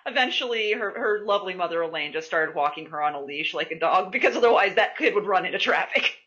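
A woman's voice: fairly low pitch, quick pace. A woman hosting a podcast, chatting casually and swearing freely as she tells stories. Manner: animated, swearing, laughing storyteller. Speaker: podcast host. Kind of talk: casual chat. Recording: dull lo-fi podcast audio.

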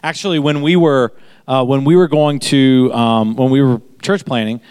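A man's voice: medium pitch, steady tone, normal speed, a little mellow, clear, resonant tone, no room sound. A man pastor giving a chatty sermon, telling anecdotes and repeating phrases for emphasis. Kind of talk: conversational sermon.

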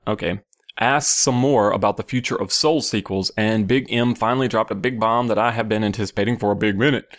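Giggly, lower-voiced man hosting a gaming podcast. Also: vocal fry, fairly bright tone. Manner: giggly, laughing often, loose and profane. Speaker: podcast host. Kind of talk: casual gaming news podcast.

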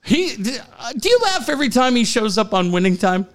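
A middle-aged man, co-hosting a sports talk show and telling stories in an excitable, profane way. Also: very high-pitched, fairly quick. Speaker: sports radio co-host. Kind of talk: casual chat.

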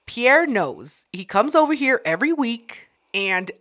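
A woman's voice: on the high side, sing-song, measured pace, a bit bright. A young woman hosting a podcast, chatting casually in a blunt, profane, teasing way. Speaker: podcast host. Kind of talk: casual chat.

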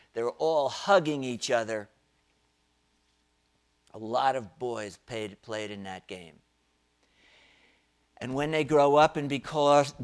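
A male pastor delivers a sermon at an unhurried, deliberate pace. He tells his story with dramatic pauses and lets his volume swell at the big moments. His pitch sits in a middle range for a man.

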